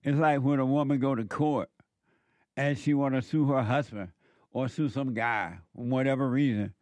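A man's voice: medium pitch, steady tone, normal speed, a little mellow, dry recording. A man giving a preachy, sarcastic commentary on a news clip, mocking and repeating his phrases for emphasis.

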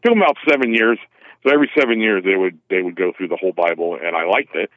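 A man calling in by phone, rambling and halting with self-deprecating restarts. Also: low voice, dry recording. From California. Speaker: caller. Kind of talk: phone call-in chat. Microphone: telephone. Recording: tinny phone line.

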